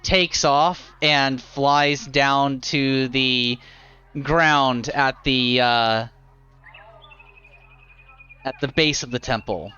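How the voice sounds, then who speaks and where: A man narrating a live tabletop game as dungeon master, describing scenes slowly with many fillers. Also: mid-range voice, steady tone, bright, forceful tone, clean tone, highs cut off.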